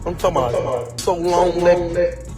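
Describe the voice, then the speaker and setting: Profane man ranting over loud music. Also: sits high, a little slow. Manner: rough, repetitive, profane. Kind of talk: vulgar angry rant.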